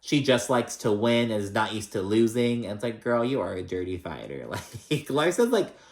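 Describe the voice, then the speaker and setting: A man's voice: fairly low pitch, big pitch swings, moderate pace. Sassy, profane man gossiping. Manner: chatty, profane, sassy, lots of fillers. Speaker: recap vlogger. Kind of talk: casual gossipy recap.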